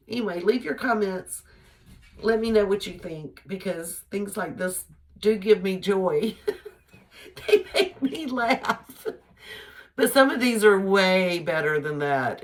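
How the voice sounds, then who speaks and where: A middle-aged woman, chatting opinionated relationship advice to her followers in a casual vlog, laughing easily. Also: fairly low pitch. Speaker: vlogger giving advice.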